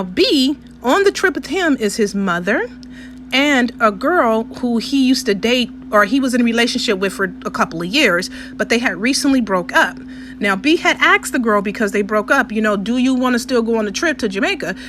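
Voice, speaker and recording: A woman vlogger talks through a story in a chatty voiceover, often pausing to check in with her listeners. Her voice sits a little high. A faint steady hum runs underneath. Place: indoors, recorded separately from the restaurant footage.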